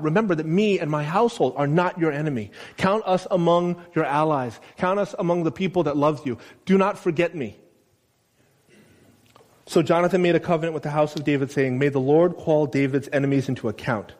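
A man preaching a sermon in a conversational way, asking his listeners questions and loudly acting out the quotes he reads. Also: fairly high pitch, a little fast. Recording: long reverb of a large room.

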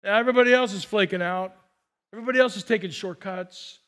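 A man's voice: high-pitched, quick pace, a bit bright. A man, a pastor, preaching a sermon with emphatic repetition and call-and-response to the congregation.

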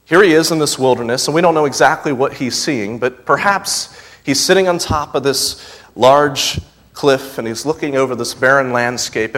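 A young man preaching a sermon, moving between loud, emphatic scripture reading and soft, intimate asides. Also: medium pitch. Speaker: pastor. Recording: long reverb of a large hall.

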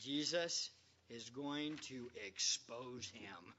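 A man's voice: medium pitch, drawn-out words, pushed and bright, dull audio. A male pastor preaching a sermon in a conversational, joking way, quizzing the congregation as he goes.

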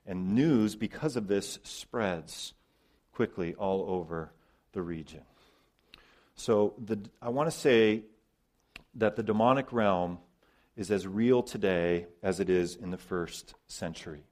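A man preaching a sermon as pastor, emphatic, with loud stresses, quiet drops and repeated words. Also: fairly low pitch, slow.

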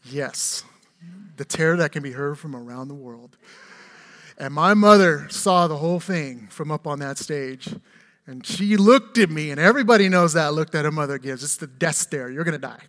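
A man's voice: on the high side, expressive, normal speed, fairly bright tone, long reverb tail. A man in his forties preaching a sermon as pastor, telling funny stories and asking the congregation rhetorical questions. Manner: humorous storytelling, conversational with rhetorical questions.

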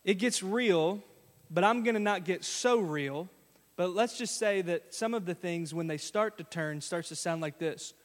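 A man's voice: high-pitched, unhurried, in a large hall. A male pastor giving a sermon in a conversational, storytelling way, often asking the congregation questions. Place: church sanctuary.

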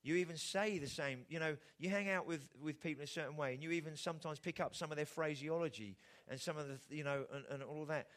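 A man's voice: fairly high pitch, fast talker, few pauses, fairly bright tone. A middle-aged man preaching a sermon in a conversational way, often putting rhetorical questions to his listeners. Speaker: pastor.

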